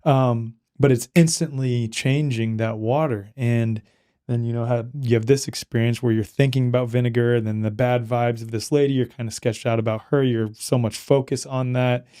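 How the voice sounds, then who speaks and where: Mellow-voiced male podcast host. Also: medium pitch, steady tone, moderate pace, clean tone, no echo, studio quality. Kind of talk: interview conversation.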